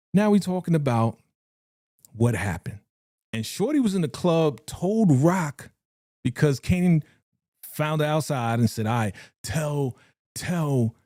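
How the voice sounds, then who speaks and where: A man hosting a live stream, reacting to a TV episode, reading the chat and acting out scenes with animated energy. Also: mid-range voice, no echo, studio quality. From New York. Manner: animated, reads chat aloud, acts out scenes.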